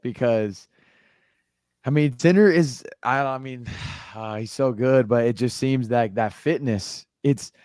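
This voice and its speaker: A man's voice: mid-range voice, unhurried, a little mellow, dry recording, studio quality. A young American man co-hosting a podcast in casual chat, easygoing and joking, trailing off and restarting often. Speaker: podcast co-host.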